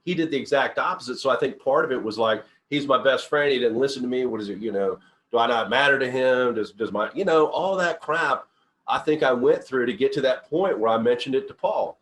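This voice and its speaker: A man's voice: mid-range voice, fairly quick, fairly bright tone. A middle-aged man, a company CEO, giving an informal motivational talk, rambling through personal stories with frequent restarts. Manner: rambling, restarts often, earnest storytelling.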